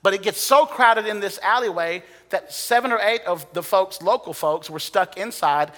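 Bright-voiced preacher in a hall. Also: male voice, high voice, normal speed. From United States. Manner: dramatic storytelling, dropping to hushed tones and rising to excited bursts. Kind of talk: sermon storytelling. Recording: long hall reverb.

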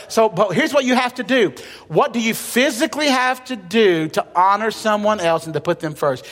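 A man's voice: high voice, a bit bright. A male pastor preaching a sermon in a conversational way, with light humor and emphatic repetition. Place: church sanctuary. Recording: long reverb of a church hall.

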